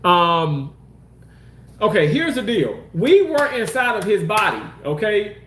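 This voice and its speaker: A man with a high voice hosts a casual livestream. He talks loosely, swears freely and jumps into exaggerated mock voices as he reads out viewers' comments and answers them. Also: sing-song, slow, fairly bright tone, slight background noise. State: homeless, says so. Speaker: livestream host reading comments. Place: outdoors park.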